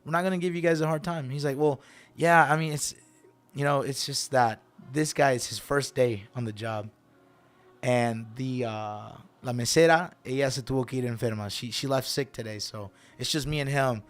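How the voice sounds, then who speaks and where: A middle-aged man telling a story casually as a radio host, animated and acting out the people he quotes. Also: medium pitch, normal speed. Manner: animated, acts out quoted voices, switches between English and Spanish.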